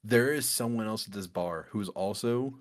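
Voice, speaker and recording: A man casually telling a story among friends, animated and laughing often as he goes. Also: fairly low pitch, moderate pace. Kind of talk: casual chat.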